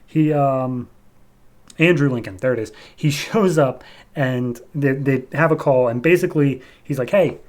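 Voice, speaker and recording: A man hosting a podcast, casually recapping a comic issue with lots of "like" and "um", and putting on higher voices for the characters he quotes. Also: a little slow, a little mellow. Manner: chatty, loose with lots of "like" and "um", voices quoted characters with raised pitch. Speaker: podcast host.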